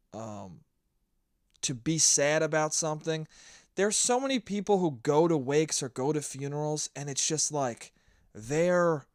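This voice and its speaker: A young man talks alone into the mic, ranting bluntly and swearing freely. His pitch sits a bit high and swings widely as he gets worked up. The sound is dry and close, with no room around it. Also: no echo. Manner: blunt, profane, ranting storyteller. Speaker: podcast host. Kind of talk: solo podcast monologue.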